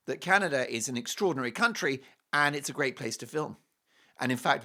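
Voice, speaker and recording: Male talk-show host, animated and playful, bright tone, pitch jumping all over. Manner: animated, jokey, breaks into singing.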